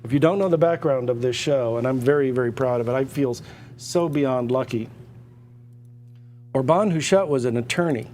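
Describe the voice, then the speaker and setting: A man running a live auction stream, pitching hard with emphatic, repetitive, excitable patter. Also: quick pace, hardly any pauses, big-room sound, slight background noise.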